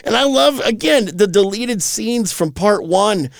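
A man co-hosting a comedy podcast, rambling through profane, animated storytelling. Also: sits high, measured pace, gravelly, no room sound. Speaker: podcast co-host. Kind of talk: crude comedy podcast chat.

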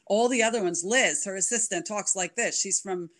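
Chatty woman author with animated delivery. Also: mid-range voice, moderate pace. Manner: animated, many ums, demonstrates voices. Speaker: author and podcast guest. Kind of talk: casual interview chat.

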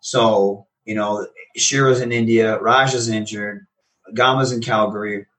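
A man's voice: fairly low pitch, measured pace, distant mic, low-quality recording. A man, a professional wrestler, casually telling stories in an interview and animatedly acting out the conversations he recounts. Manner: animated, acts out quoted exchanges.

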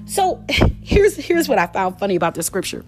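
Animated woman teaching scripture. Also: mid-range voice, normal speed, soft background music. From Detroit, USA. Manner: animated, laughing, slangy storytelling. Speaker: podcast host. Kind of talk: casual Bible teaching.

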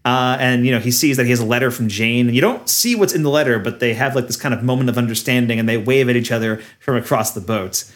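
A man talking through a movie plot in relaxed podcast chat. His voice sits at an ordinary middle pitch. He laughs often and leans on fillers as he goes. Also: fast, hardly any pauses. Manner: laughing, recapping a film with lots of fillers. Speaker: podcast co-host. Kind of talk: casual chat.

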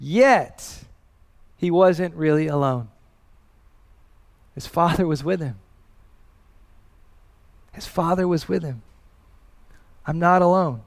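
A man's voice: a little high, expressive, slow, creaky, long pauses. A man in his thirties preaching a sermon as pastor, earnest and personal, rising in emphasis as he tells a family story.

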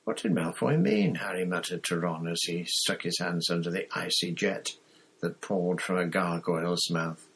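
A man narrating an audiobook in a measured storytelling way. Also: low-pitched, monotone, pushed and bright, breathy edge. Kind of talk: audiobook reading.

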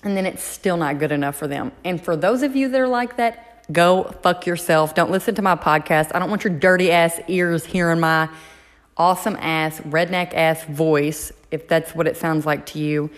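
A woman's voice: low-pitched, moderate pace, in a large hall. Blunt, profane woman podcaster. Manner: blunt, profane, frank advice. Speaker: podcast host. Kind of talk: casual solo podcast chat.

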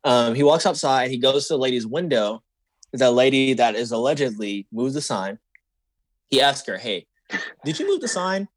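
The recording is dry, capturing a young man's mid-range voice at a moderate pace. Co-hosting a podcast, he animatedly shares a work story in casual conversation, imitating the people in it.

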